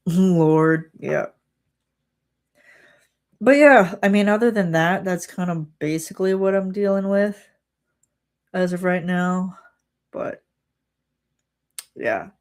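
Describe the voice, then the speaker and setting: A woman's voice: fairly low pitch, darkish tone. A young woman on a livestream chat, animatedly retelling an exasperating workplace story and acting out what people said. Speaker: streamer.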